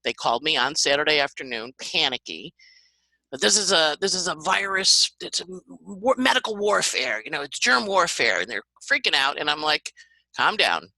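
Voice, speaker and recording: A woman astrologer talking as a podcast guest, animated and dramatic, breaking into little acted-out voices and sports comparisons. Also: sits low, normal speed, no echo, low-quality recording. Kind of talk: podcast conversation.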